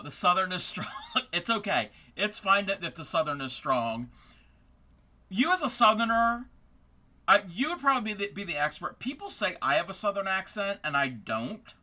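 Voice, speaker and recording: Bright, chatty male craft streamer. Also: fairly high pitch. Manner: rambling, friendly, talks to chat between tasks. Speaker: live-streaming fiber artist. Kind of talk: casual live-stream chat while crafting.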